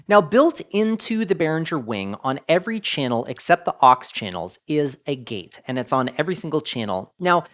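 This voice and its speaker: A man hosting a casual audio-gear tutorial, explaining settings step by step in a relaxed, chatty way. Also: a little high. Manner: lively, relaxed explaining with many "go ahead" phrases.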